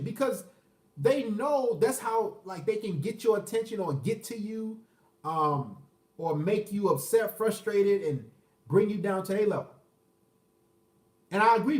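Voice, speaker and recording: Crude high-voiced man ranting, mic set back. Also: a little mellow, echoey room, distant mic. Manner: crude, profane, acts out quoted dialogue. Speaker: vlogger. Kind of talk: casual rant to camera.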